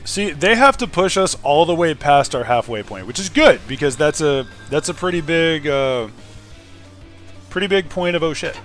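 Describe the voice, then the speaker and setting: A man streaming a video game, chatting casually and swinging between loud outbursts and quiet muttering. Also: a little high, expressive, moderate pace, soft background music. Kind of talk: casual gaming stream chat.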